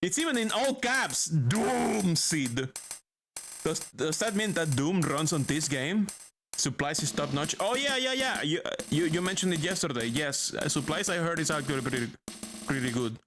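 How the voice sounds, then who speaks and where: Playful game streamer, very lively pitch. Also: moderate pace. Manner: playful, chatty, reads game text aloud. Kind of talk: livestream game commentary. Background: game music.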